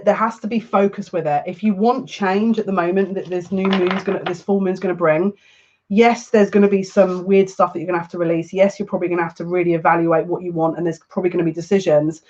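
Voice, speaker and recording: Man, high voice, oracle card reader, chatty and teasing, muffled lo-fi audio. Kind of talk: live oracle card reading.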